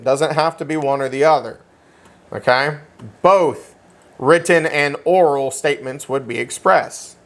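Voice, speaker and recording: A man teaching a real estate licensing class in an animated, joking way, often checking in with "okay?" and speaking. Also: medium pitch. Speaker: real estate exam instructor. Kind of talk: classroom lecture.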